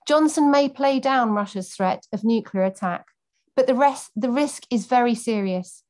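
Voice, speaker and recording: A woman's voice: on the high side, normal speed, darkish tone. A woman campaigner speaking earnestly, giving a prepared speech and then answering questions off the cuff with many fillers.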